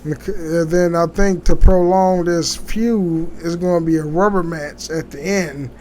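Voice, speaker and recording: A man hosting a casual solo podcast, talking in a rambling, halting way with many restarts and fillers. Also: on the high side, fairly even intonation, darkish tone, slight background noise. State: sleepy, yawning. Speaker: podcast host.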